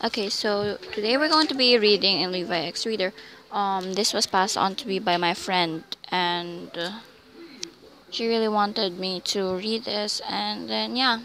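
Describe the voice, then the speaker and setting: A woman's voice: mid-range voice, measured pace, a bit bright, rough recording. A young woman casually reading fanfiction aloud, stumbling over words and adding amused asides. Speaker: fanfiction reader.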